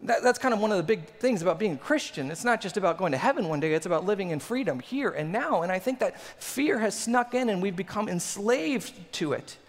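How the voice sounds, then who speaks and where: A man, preaching a sermon in an animated, conversational way with laughs. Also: high voice, brisk, hardly any pauses, in a large hall. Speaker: pastor.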